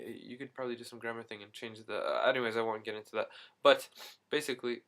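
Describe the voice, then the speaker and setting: Rambling young man telling travel stories. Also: medium pitch. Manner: rambling, animated, acts out quoted reactions; self-correcting, frequent asides and fillers. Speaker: video diarist. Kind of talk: casual travel vlog storytelling. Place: Istanbul, Turkey.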